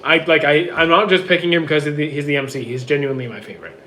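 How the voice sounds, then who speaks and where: A man with a hoarse, worn-out voice reads out viewer questions and answers them offhand in casual livestream chat from home. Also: fairly high pitch, fast talker, pushed and bright, slight background noise. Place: home with roommates.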